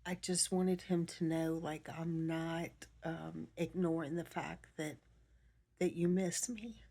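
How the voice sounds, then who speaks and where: Soft-spoken, emotional middle-aged woman. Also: sits low, steady tone. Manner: soft-spoken, emotional, halting with many pauses. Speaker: vlogger. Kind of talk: personal reflective monologue.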